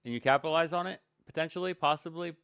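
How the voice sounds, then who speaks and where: A man's voice: fairly high pitch, quick pace, fairly bright tone, clear, resonant tone, dry recording, studio quality. A man reacting to a stream with blunt, sarcastic commentary.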